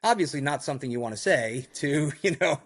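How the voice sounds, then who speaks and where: A man who is a podcast guest, telling a survival story in a lively way and acting out what others said, often saying "like" and "you know.". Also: a little high, fairly quick, breathy edge. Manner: heavy use of "like" and "you know".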